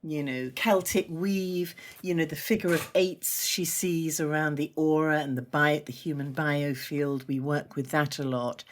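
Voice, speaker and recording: A woman's voice: sits low, fairly even intonation, a little slow, hardly any pauses. A woman who teaches energy medicine, a guest on a podcast, explaining her practice in a chatty, enthusiastic way and laughing often. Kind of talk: explanatory interview talk.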